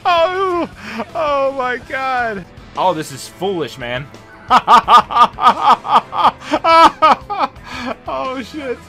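A young man streaming a video game, laughing constantly, swearing freely and bursting out in excitement. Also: very high-pitched, drawn-out words, soft background music. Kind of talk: casual gameplay commentary.

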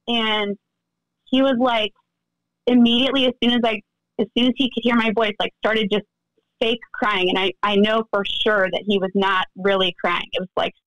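A woman guest on a podcast interview, recounting events in an animated way and acting out the voices of others. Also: on the high side, dry recording, low-quality recording. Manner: animated storytelling, acts out quoted dialogue. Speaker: interview guest, friend of the deceased.

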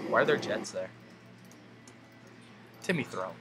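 A young man doing goofy gameplay commentary, muttering asides and then breaking into high excited yells. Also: unhurried, pauses often, over music.

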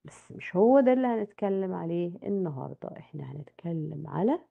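An Egyptian woman teaches English in a recorded lecture, her voice carrying a gravelly fry as she quizzes her class. She slides between Arabic and English. The sound is thin and tinny, like it came over a phone line. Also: fairly low pitch, expressive, very fast.

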